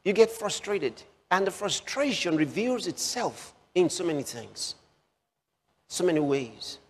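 A man preaching a sermon, slow and repetitive, with emphatic rises on key phrases. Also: high voice, sing-song, slightly rough. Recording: long hall reverb.

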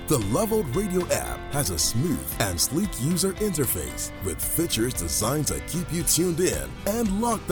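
A man reading a scripted radio promo in an upbeat, salesy voice-over. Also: medium pitch. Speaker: radio announcer. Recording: voice-over over music.

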